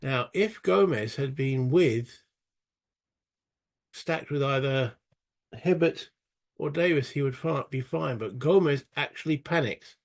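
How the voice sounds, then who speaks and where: A man's voice: mid-range voice, slow pace, long pauses. A British man narrating a solo tabletop wargame playthrough, chatting and thinking aloud as he goes, with self-mocking asides. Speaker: solo board game player.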